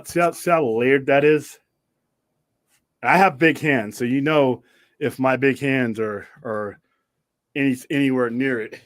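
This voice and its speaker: With a medium-pitched voice in a dry recording, a Californian man hosting a live-stream show keeps the chat casual and loose. He greets viewers by name as he goes.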